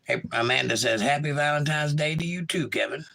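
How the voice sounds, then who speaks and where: Poor audio captures a Georgia-born man running a relaxed livestream, reading chat messages aloud and responding to them. He speaks in a Southern accent, a little high and brisk, with a gravelly, sharp tone.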